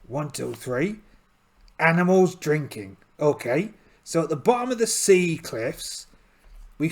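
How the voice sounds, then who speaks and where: A channel host with a gravelly, creaky voice pitched in an ordinary male middle range plays a solo tabletop game aloud, explaining the rules as he goes. He is chatty and rambling, often poking fun at himself.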